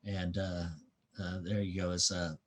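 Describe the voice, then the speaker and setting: A man giving a museum history lecture as a guest historian and author. He tells the story at an unhurried pace and fills his pauses with frequent "uh"s. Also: low-pitched, little pitch movement.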